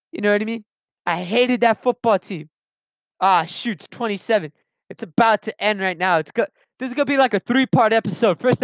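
Young man, high and smooth voice, dry lo-fi recording, rambling casual storytelling. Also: no echo. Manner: rambling, self-interrupting, slangy. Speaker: vlogger telling personal stories. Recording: dull lo-fi sound.

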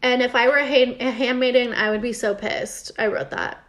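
A woman's voice: fairly high pitch, fairly even intonation, fairly quick, a bit bright. A woman casually recapping a TV episode for her co-host, chatty and sarcastic, reading bits from her notes. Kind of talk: casual chat.

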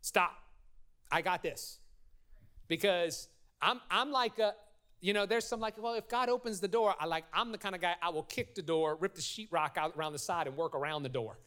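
High-voiced pastor, lively sermon. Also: male voice, brisk, clean tone. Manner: lively storytelling with audience call-and-response. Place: church sanctuary.

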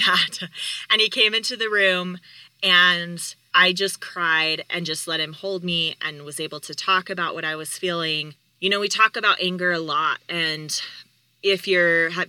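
A woman hosts her podcast with a very bright, sharp voice and recounts a personal story in a candid, heartfelt way. Her delivery is conversational. The recording is dry and close, with no room sound. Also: low-pitched, no echo, low-quality recording. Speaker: podcast host.

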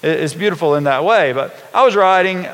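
Pastor in a reverberant church hall. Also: male voice, on the high side, expressive, brisk, a bit bright. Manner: conversational, folksy, asks the congregation questions. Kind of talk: storytelling sermon.

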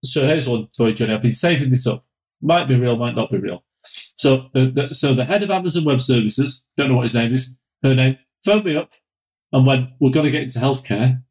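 Man, middle pitch, teasing, poses scenarios, casual podcast chat. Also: a little fast, a little mellow, rough recording. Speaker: podcast co-host, recruiter.

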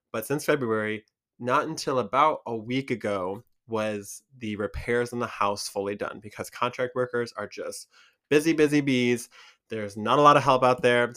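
A Michigan man with a Michigan accent vlogs casually to camera, animated and full of fillers. His voice is mid-range.

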